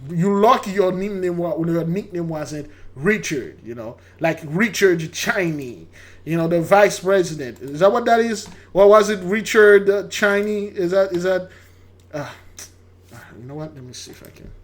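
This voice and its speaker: A man's voice: high-pitched, lively intonation, moderate pace. An older man hosting his channel, giving rambling casual commentary on a news clip, stammering and repeating his words. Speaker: channel host.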